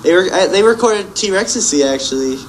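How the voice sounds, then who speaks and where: A young man, a musician guest, telling a story in casual chat, rambling with many fillers and quick laughs. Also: high voice, animated, slight background noise, rough recording. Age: young adult.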